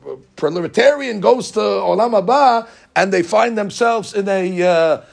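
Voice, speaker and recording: Gravelly high-voiced rabbi preaching. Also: male voice, normal speed. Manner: animated storytelling, acting out congregants' complaints; mixes Hebrew terms into English. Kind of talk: sermon.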